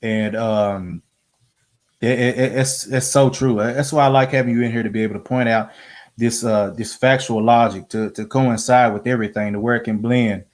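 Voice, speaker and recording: A man hosting a casual live-stream discussion, talking in halting bursts with frequent restarts and fillers. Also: medium pitch, fairly even intonation. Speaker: stream host.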